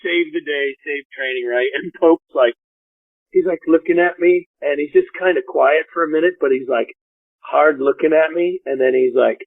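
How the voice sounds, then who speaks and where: A podcast host telling stories in a loose, profane way and acting out everyone he quotes. His voice sits fairly high for a man. It comes through a dry, tinny phone line with no room sound. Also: moderate pace, no echo. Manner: profane, animated storyteller who acts out quotes. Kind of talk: casual storytelling chat. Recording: phone-line call audio.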